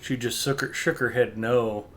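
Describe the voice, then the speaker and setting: A man's voice: medium pitch, fairly even intonation, normal speed, a bit bright, slight background noise. A middle-aged man hosting a gaming livestream, chatting casually and telling wry, joking anecdotes. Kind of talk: casual chat while gaming.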